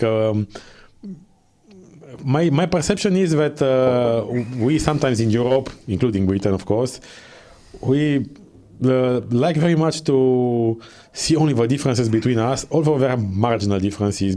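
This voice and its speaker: Measured interviewer, mellow man's voice. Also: mid-range voice. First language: Romanian. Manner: measured, hesitant. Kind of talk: interview questions.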